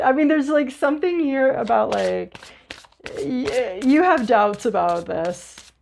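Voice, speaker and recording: A woman's voice: on the high side, moderate pace, gravelly, slight background noise. A woman giving a casual, chatty tarot reading, talking straight to the listener and now and then acting out little voices. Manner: chatty, animated, acts out little voices and asides. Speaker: tarot reader.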